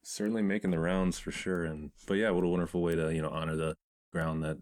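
A deep-voiced man hosting a radio show. He reads the intro in a measured, announcing way, then talks easily with his guest. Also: steady tone, darkish tone. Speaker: radio host. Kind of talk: radio host intro and chat.

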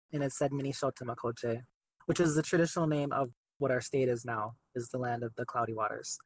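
Young guy chatting on a radio interview, relaxed and rambly, lots of likes and you knows. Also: mid-range voice, rough recording. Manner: chatty, relaxed, many fillers. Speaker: artist guest. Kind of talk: casual interview.

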